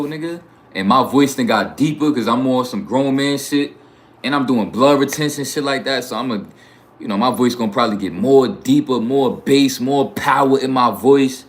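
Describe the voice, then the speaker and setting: A young man with a New York accent, chatting boastfully on his livestream in heavy slang and profanity. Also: mid-range voice. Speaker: YouTube livestreamer. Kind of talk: casual livestream chat.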